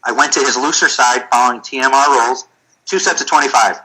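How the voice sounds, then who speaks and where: A middle-aged man, a physical therapy clinic owner, telling stories in a casual, animated way. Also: mid-range voice, fast talker, rough recording. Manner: animated, storytelling with acted-out quotes. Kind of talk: casual storytelling chat.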